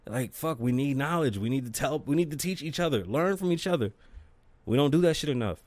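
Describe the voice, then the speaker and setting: A man hosts his own podcast, telling animated stories in a casual, profane, high-energy way. His mid-range voice is brisk, and no room sound comes through.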